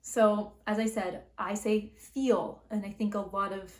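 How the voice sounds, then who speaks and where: A young Canadian woman hosts a casual explainer video, chatty and loose with plenty of likes and ums. Her voice sits at an ordinary middle pitch. The room around her is echoey. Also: level tone, normal speed. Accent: Canadian English. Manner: chatty, many fillers and likes. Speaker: linguistics video host.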